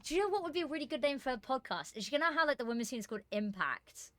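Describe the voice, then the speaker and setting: A woman's voice: high-pitched, sing-song, racing, fairly bright tone, slight background noise. A woman casting an esports qualifier on a live stream, chatting casually and rambling with fillers and self-deprecating asides.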